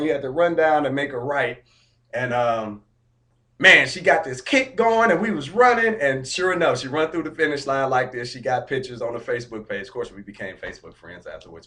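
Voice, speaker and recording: A man's voice: a little high, pushed and bright. Upbeat motivational man telling a story. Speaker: vlogger. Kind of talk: casual vlog update.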